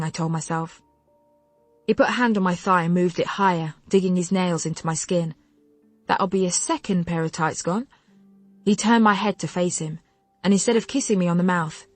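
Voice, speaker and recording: A woman narrates a novel in first person with a wry, expressive delivery and a voice of middle pitch. She is recorded dry and close on a studio mic. Faint music sits underneath. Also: dry recording. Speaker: audiobook narrator.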